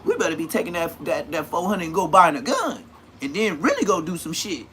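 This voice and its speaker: An animated man spins rough street stories on a livestream. His pitch swings widely and his tone is bright and forceful. A faint hiss of noise sits underneath. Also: a little fast. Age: 30s. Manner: animated, profane, acts out quotes in a raised voice. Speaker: livestream host telling stories. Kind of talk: casual storytelling livestream.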